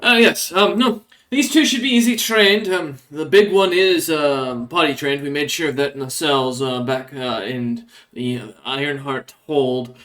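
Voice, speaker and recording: A man voicing a fawning, excitable male rat-folk guard who gushes and stammers. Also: a little slow, few pauses. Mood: smug. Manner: gushing, stammering, high-pitched.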